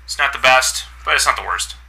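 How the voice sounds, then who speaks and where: A man's voice: medium pitch, lively intonation, fairly quick, sharp tone. A man telling a personal customer-service story in a casual, irritated vlog rant, sarcastic and swearing often.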